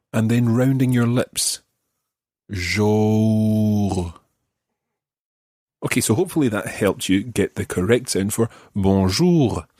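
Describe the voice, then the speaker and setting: A Scottish man teaching a podcast language lesson, patiently modelling each word slowly and carefully. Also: lowish voice, a little mellow, slightly rough, dry recording, studio quality. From Scotland.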